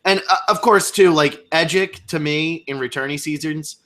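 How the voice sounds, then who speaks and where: A young man co-hosting a casual live podcast, talking quickly in a rambling way, full of fillers and restarts. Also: fairly high pitch, sharp tone. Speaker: co-host of a reality show podcast. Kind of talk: casual live-stream chat.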